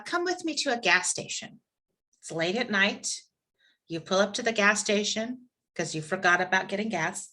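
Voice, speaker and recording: A woman instructor leading a live online class, telling a scenario in a conversational, lively way over a video call. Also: mid-range voice. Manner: conversational, lively storytelling with asides.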